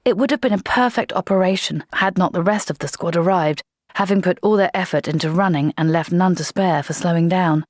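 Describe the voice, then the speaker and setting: A woman reading a comic fantasy audiobook in a measured, dramatic narration. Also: lowish voice, a little mellow, no echo, clean studio sound.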